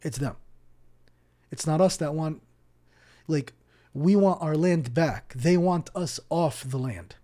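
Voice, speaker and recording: A man from Palestine's West Bank, a guest on a podcast, telling stories in an animated way and acting out the people in them. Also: on the high side, takes it slowly, long pauses. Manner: animated, acts out dialogue, repeats words when starting sentences. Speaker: podcast guest, Islamic teacher. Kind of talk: casual storytelling interview.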